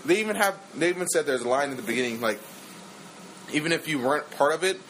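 Brief: young male podcast co-host, loose and jokey, slightly high voice, faint noise behind. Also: quick pace, poor audio. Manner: animated, rambling, jokey. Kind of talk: casual movie review chat.

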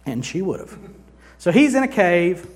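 A man with a high, husky, very animated voice preaches a sermon at a moderate pace in a dramatic, conversational style. He mixes humorous asides with vivid scripture retellings, acting out scenes with big swings between loud and hushed.

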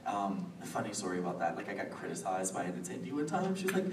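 A woman's voice: a bass voice, big pitch swings, fairly quick. A woman in her late twenties chatting in a bubbly, giggly way as a guest on a convention panel. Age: late 20s. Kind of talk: casual panel chat. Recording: echoey room recorded from far off with noise.

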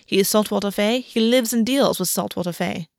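A woman doing an icy fae queen, sneering and sharp, dry close sound. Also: medium pitch, a little fast, no room sound, natural voice. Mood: cold. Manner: cold, cutting. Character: cold scornful fae queen, sharp-tongued.

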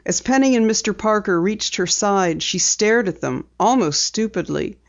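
Steady audiobook narrator, muffled audio. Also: medium pitch, normal speed, gravelly. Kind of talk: scripted narration. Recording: dull lo-fi recording.

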